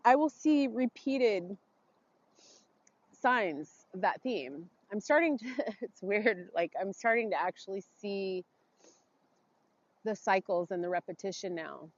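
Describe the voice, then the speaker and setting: A woman speaking a heartfelt, halting blessing and reflection outdoors, emotional and close to tears. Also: mid-range voice, animated, muffled recording. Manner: heartfelt, tearful, halting with pauses. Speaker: vlogger doing an outdoor ritual. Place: forest, outdoors.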